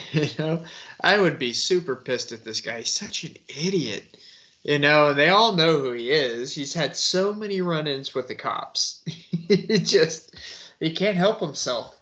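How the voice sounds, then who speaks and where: A man's voice: fairly high pitch, expressive, a little slow, a bit bright, dull audio. A man hosting a casual true-crime commentary, scornful and laughing as he talks about the subject.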